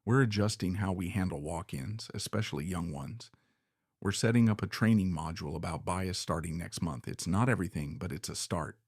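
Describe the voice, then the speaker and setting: A man voicing a middle-aged car dealership manager who speaks in a measured, apologetic way in a narrated story. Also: sits low, a little mellow, slightly rough, no echo, studio quality, voice pushed down.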